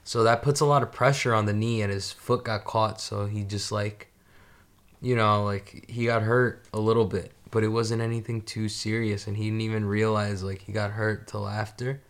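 A man's voice: on the low side, level tone, moderate pace. A young man in casual chat on a podcast, rambling with many fillers and swearing freely.

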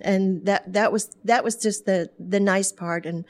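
A woman from Germany, a hairdresser who tells her story as an interview guest, animated and quick to laugh. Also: mid-range voice. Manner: lively storyteller who acts out voices and laughs often. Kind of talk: storytelling in a talk show interview.

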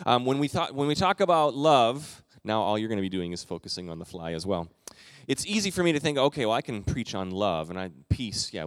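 A middle-aged man preaching a sermon as the pastor of his church, telling stories in a relaxed, conversational way with quick asides. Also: lowish voice, no room sound. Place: church sanctuary.

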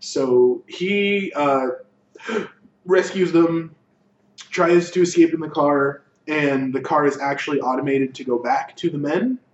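Casual, slightly high man in an echoey room. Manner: casual, acts out characters' lines in quick asides. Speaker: podcast co-host. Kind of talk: casual chat recapping an anime. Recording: echoey, distant, dull lo-fi room mic with faint noise.

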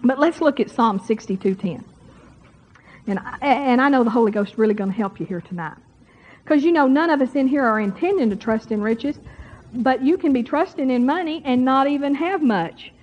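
On a dull, lo-fi recording, a woman delivers a sermon in a high-pitched, animated voice at a moderate pace. Her style is folksy and conversational, aimed straight at the congregation.

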